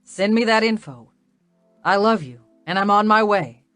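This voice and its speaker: A woman voicing a calm, protective young man who speaks with a smooth, soothing drawl in an audiobook. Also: medium pitch, moderate pace, no echo, faint music behind, close to an everyday voice.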